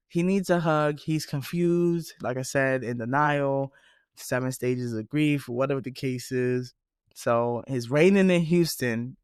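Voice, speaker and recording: A man hosting a podcast, giving a casual, animated and profane review of new music. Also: medium pitch, clear, resonant tone, no room sound, studio quality. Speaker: podcast host.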